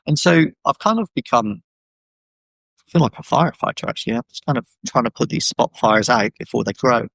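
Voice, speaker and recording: A man with a gravelly, creaky, medium-pitched voice speaks fairly quickly as an animated podcast guest in casual conversation, often acting out the voices of people he describes. He fills his speech with "you know" and "um". Over a video call microphone he sounds dry and close, with no echo and rough recording quality.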